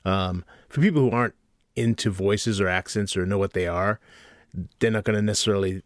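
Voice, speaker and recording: A man's voice: on the low side, brisk, dry recording, clean studio sound. A man co-hosting a casual roundtable chat, agreeable and using many fillers. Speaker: podcast co-host.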